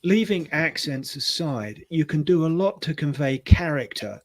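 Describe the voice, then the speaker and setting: A man's voice: on the high side, lively intonation, normal speed, no room sound. A man chatting on a tabletop gaming panel, thoughtful and self-deprecating, with lots of agreeing murmurs. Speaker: podcast co-host. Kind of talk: casual panel discussion.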